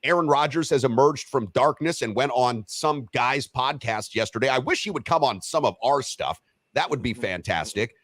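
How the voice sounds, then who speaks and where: A man co-hosting a sports talk show, teasing and lively in a casual way. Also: medium pitch, normal speed, no echo. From Western Wisconsin. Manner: animated, teasing, lively delivery. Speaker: co-host of a sports radio show.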